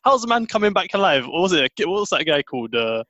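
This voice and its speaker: A man's voice: on the high side, sing-song, quick pace, fairly bright tone, no room sound, lo-fi sound. Incredulous man, dry close sound. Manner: incredulous, mocking, uses slang like "fam". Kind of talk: casual chat.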